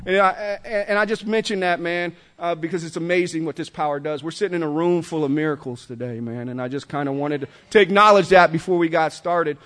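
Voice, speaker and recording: A man's voice: a little high, a little fast, hardly any pauses, fairly bright tone. A middle-aged man speaking casually to a recovery group, loose and conversational, with many stammered restarts and "man" tags. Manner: frequent restarts and stammered repeats. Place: meeting room with a group.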